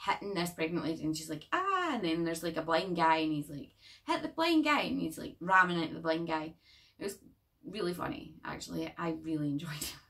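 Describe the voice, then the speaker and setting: A young woman chatting through a horror film review, rambling and jokey, swearing freely. Her voice sits fairly low, and she sounds a bit back from the microphone. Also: a bit bright, distant mic. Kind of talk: casual vlog chat.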